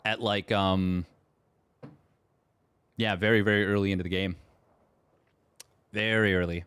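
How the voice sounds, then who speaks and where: A man with a low, steady, unhurried voice and a fairly bright, clean tone commentates a strategy game tournament on a live stream, with no room sound. He rambles, reads chat aloud and replies, often using fillers and starting over.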